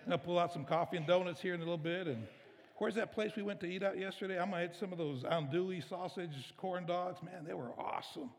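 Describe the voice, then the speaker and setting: In a reverberant church sanctuary, a middle-aged man preaches with a high, creaky voice and a fast delivery. His sermon unfolds as chatty storytelling that turns emotional.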